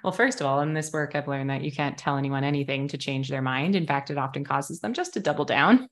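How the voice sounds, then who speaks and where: A woman's voice: very deep voice, fast. A woman, a guest educator and coach, talking enthusiastically in a casual interview, often saying "like". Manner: enthusiastic, talkative, frequent "like".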